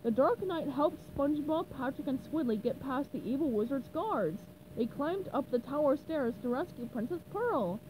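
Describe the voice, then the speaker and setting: A woman reading a storybook aloud with slow, animated narration. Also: sits high, a little hiss or hum, poor audio. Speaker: storybook reader.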